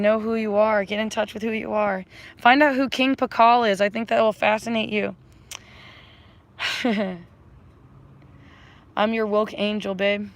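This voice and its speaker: A woman chatting casually to livestream viewers, rambling and effusive, repeating affectionate phrases and slipping into spiritual pep talk. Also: medium pitch. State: emotional, close to tears. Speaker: livestreamer offering readings.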